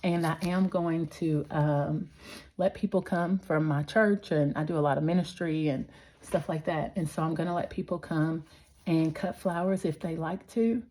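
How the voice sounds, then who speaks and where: A woman's voice: sits low, normal speed, warm tone. A middle-aged woman, chatting earnestly and rambling to her viewers with lots of fillers. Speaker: vlogger. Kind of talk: casual chat to viewers.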